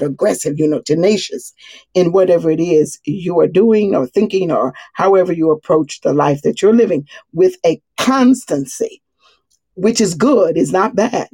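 Earnest gravelly-voiced woman teaching. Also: lowish voice, normal speed, mellow, dry recording. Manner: earnest, rambling, with frequent restarts. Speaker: Bible study teacher. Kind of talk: casual spoken teaching.

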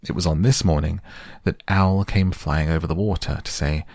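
Man narrator, husky low storybook reader. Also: normal speed, a little mellow, no room sound, studio quality. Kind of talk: storybook reading aloud.

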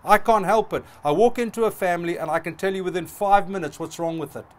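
A middle-aged male pastor with a high-sitting, slightly mellow voice preaches quickly and passionately. He builds emphasis through rising, repeated phrases.

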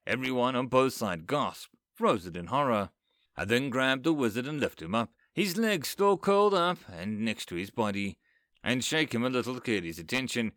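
A man's voice: no echo, studio quality. A man narrating a comic first-person fantasy story, voicing its characters as he goes. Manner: lively storyteller, raising pitch for quoted characters.

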